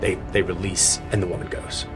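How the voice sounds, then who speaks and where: A man narrating a tabletop game as game master, telling the story dramatically with halting restarts. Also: deep voice, little pitch movement, music in the background.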